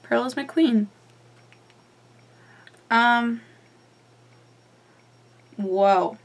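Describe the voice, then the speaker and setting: A woman's voice: on the high side, drawn-out words. A young woman vlogger chatting casually through a recap, with lots of ums and offhand swearing.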